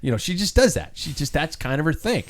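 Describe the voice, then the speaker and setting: A man's voice: fairly high pitch, big pitch swings, fast talker. A man hosting a casual cycling chat, telling a rambling story with many restarts and fillers. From United States.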